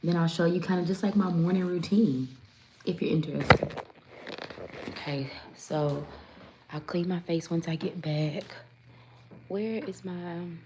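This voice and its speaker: A woman's voice: lowish voice, a little slow, pauses often, noisy background. Chatty woman on a home live stream. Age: 30s. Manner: chatty, greeting viewers by name and laughing often. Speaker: lifestyle vlogger and host. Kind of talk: casual live-stream chat. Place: at home, indoors. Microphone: phone on a tripod. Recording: roomy echo with faint ambience.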